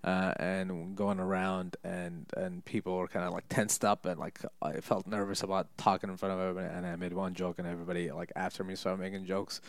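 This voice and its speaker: Young man, very low gravelly voice, joking and rambling through casual stories in a dry, close setting. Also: flat delivery, brisk, hardly any pauses, no room sound. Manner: rambling, joking, many fillers and restarts, laughs at own stories. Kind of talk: casual storytelling chat.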